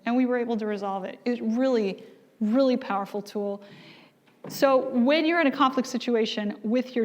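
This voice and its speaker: A woman's voice: a little high, darkish tone, dull audio. A middle-aged woman telling stories and asking her audience questions in a sermon-style talk. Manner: storytelling, acts out quoted voices, asks the audience questions. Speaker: speaker. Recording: long reverb of a large hall.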